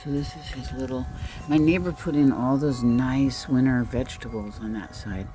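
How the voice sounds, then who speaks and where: A woman's voice: steady tone, normal speed, dark tone, faint music behind. Chatty woman touring her home and garden. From California. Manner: chatty, rambling, talks to pets in a high sing-song. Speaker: vlogger. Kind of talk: casual home tour chat. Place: home and garden, indoors and outdoors. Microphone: phone held while filming.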